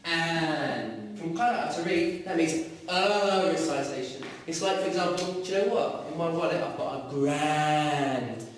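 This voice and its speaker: A man teaching a class, explaining words and questioning his students in a lively way. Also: on the high side, moderate pace, few pauses. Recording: echoey classroom recorded from far off.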